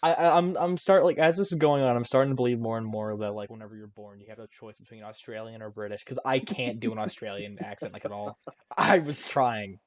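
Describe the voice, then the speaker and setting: A young man co-hosting a casual podcast with friends, telling stories in an animated way, laughing a lot and stumbling over his words. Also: mid-range voice, fast. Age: young adult. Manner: animated storyteller who laughs often and trips over words. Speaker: podcast co-host. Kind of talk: casual chat.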